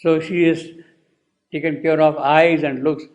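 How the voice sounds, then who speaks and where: Man, slow poetry lecturer, rereads the lines and explains each word, slightly high voice. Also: little pitch movement, darkish tone, lo-fi sound. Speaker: teacher explaining a poem.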